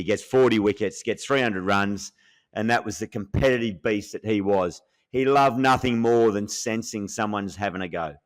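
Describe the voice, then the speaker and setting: A middle-aged man, a former cricketer, recalling an old rival in earnest, reflective podcast chat. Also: lowish voice.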